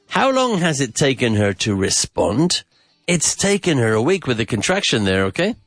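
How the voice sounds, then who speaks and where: A man's voice: medium pitch, very animated, moderate pace, dry recording, soft background music. A man hosting a podcast grammar lesson, repeating phrases, drilling questions and dropping in Spanish asides with enthusiasm. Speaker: English teacher and podcast host.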